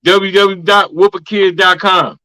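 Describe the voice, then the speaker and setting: A man's voice: high-pitched, fairly even intonation, moderate pace, bright, forceful tone, low-quality recording. A man co-hosting a podcast, teasing his friend and laughing often in casual banter. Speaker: podcast co-host.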